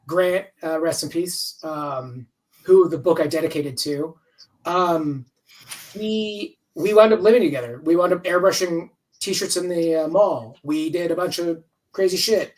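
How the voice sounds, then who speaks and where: A man's voice: on the high side, a little slow, a little mellow, far from the mic, low-quality recording. A man in his fifties, a comics writer chatting as an interview guest over a video call, talking in a rambling, candid way and swearing freely. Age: 50s. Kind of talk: casual interview chat.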